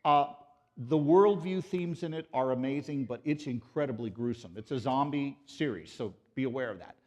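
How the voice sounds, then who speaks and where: A man giving an animated lecture at a conference, joking with and quizzing a live audience. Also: mid-range voice, normal speed. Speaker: conference speaker. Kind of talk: pro-life apologetics lecture.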